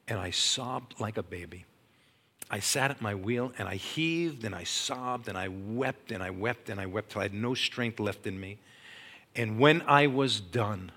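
Bright-voiced man preaching a dramatic testimony. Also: on the low side, husky. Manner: dramatic storytelling, swinging from hushed to loud and urgent. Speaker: Christian speaker and former teacher. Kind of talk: testimony sermon.

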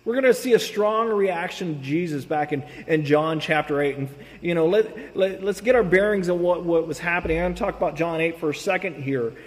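A man preaching a sermon, reading scripture with casual, animated asides. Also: fairly high pitch, fairly quick, few pauses. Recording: long hall reverb.

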